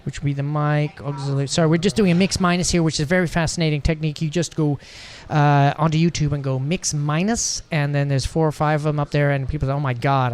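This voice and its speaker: A man's voice: on the high side, fairly even intonation, fast, hardly any pauses, smooth. A man with a slightly raised voice co-hosts a loose, casual podcast. He jokes and teases, and he rambles from one thought to the next. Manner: joking, rambling, teasing. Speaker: podcast co-host.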